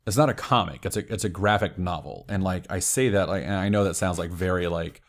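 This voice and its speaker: A man being interviewed on a podcast, telling stories excitedly and saying "like" a lot. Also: low-pitched, brisk. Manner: excitable storyteller, heavy use of "like". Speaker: podcast guest. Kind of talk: casual interview chat.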